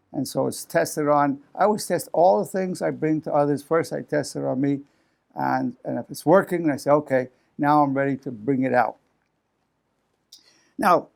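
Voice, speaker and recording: A man's voice: on the high side, gravelly. A man in his eighties, a psychologist, teaching in loose spoken talk and acting out defensive replies. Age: 80s. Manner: animated, acts out defensive quotes with raised voice; frequent restarts and repeated words. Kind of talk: unscripted talk to camera.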